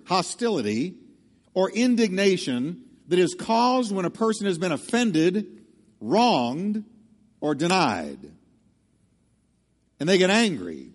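A man's voice: high-pitched, big-room sound. A male pastor preaching a sermon emphatically, drawing the congregation into call-and-response. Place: church sanctuary.

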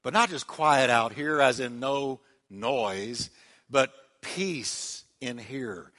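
A man preaching a sermon as pastor, dramatic, dropping to a hush on quiet words and leading the congregation in call-and-response. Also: medium pitch, takes it slowly, in a large hall.

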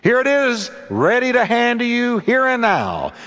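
An insistent, pleading stranger, as a preacher puts him on, his voice riding high and swinging widely. The words hang in a long reverb. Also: big pitch swings, moderate pace, fairly bright tone, highs cut off, full character voice. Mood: eager. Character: eager pushy male stranger buying a watch.

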